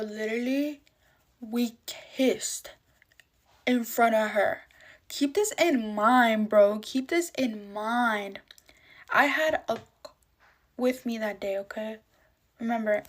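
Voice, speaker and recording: A woman telling a dramatic storytime while getting ready, full of slang and swearing. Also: a little high.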